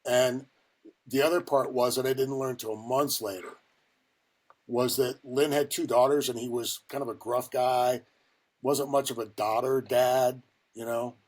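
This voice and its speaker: An older man from Ohio, a guest telling a long personal story in a rambling, profane way with lots of fillers and a husky voice. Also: mid-range voice, steady tone, a little slow. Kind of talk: casual storytelling.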